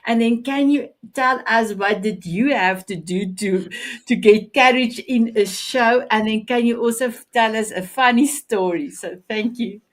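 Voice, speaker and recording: Woman show host, slightly high voice, halting delivery with repeated words. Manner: halting, repeats words while telling a story. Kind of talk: interview hosting.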